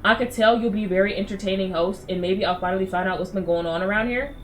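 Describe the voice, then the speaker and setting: A woman's voice: medium pitch, quick pace, a little hiss or hum, close to an everyday voice. A woman voicing a weary, sweet but pushy old woman visitor who keeps calling people dearie. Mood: coaxing. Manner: calls everyone dearie, chatty and coaxing.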